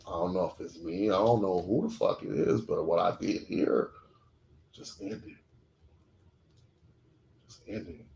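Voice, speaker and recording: Male podcast co-host, low register, candid and profane, clipped emotional storytelling, roomy echo. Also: moderate pace, vocal fry, few pauses, darkish tone, a little hiss or hum. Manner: blunt, profane and emotional, short clipped sentences. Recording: echoey room.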